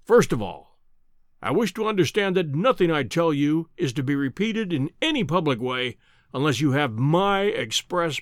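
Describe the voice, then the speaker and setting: In an audiobook reading, a man plays a pompous, booming older professor who lectures in a condescending, imperious manner. The sound is clean studio audio with no room sound.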